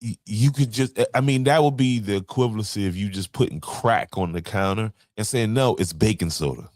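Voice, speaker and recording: A man's voice: on the low side, a little fast, a little mellow, no room sound. A man hosting a podcast, talking loosely in slang and stumbling over names as he runs through a list. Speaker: podcast host. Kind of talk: casual commentary.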